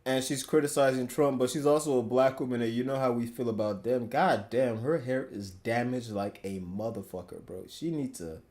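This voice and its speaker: A man's voice: mid-range voice, moderate pace, hardly any pauses, a little mellow. A man reacting to clips on his stream, slangy, blunt and profane in casual commentary.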